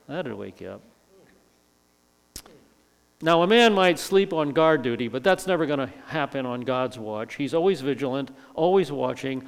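An older man delivers a verse-by-verse sermon in a slightly high, gravelly voice. He stresses points by stacking and repeating words. The sound carries a long hall reverb. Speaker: preacher.

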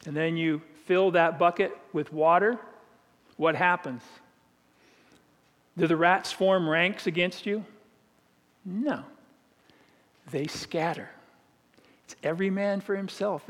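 A man with a fairly high, slightly bright voice preaches a sermon in a conversational, vivid style, adding humorous asides. He keeps a steady tone and a slow pace with frequent pauses, and the recording carries the long reverb of a large hall.

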